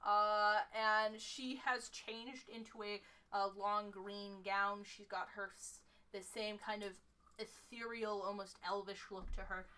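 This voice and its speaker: A woman running a tabletop game as game master, describing scenes haltingly with many fillers. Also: mid-range voice, fairly even intonation, pushed and bright, clean tone. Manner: halting, lots of fillers, laughs easily.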